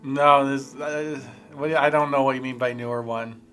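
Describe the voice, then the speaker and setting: A man's voice: mid-range voice, steady tone, normal speed, sharp tone, faint music behind. A man playing a tabletop role-playing game, joking and laughing as he acts out his character. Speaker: player.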